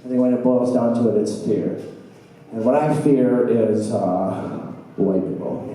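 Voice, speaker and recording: A man doing a stand-up set at an open mic, with a halting, meandering delivery full of fillers and trailing asides. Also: medium pitch, fairly even intonation, mellow. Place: small bar open mic stage, indoors. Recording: echoey bar from a distant camera with faint room noise.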